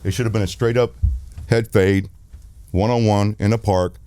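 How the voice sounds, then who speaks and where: Brief: man, 50s, director guest, low mellow voice, dry close sound, profane and animated storyteller. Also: moderate pace, clear, resonant tone, dry recording. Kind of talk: candid storytelling interview.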